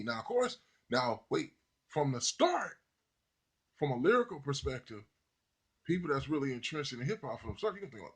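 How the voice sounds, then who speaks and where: A man giving a casual, rambling, profane monologue, voice jumping high when he mimics other people. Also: big pitch swings, moderate pace, husky. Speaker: podcaster.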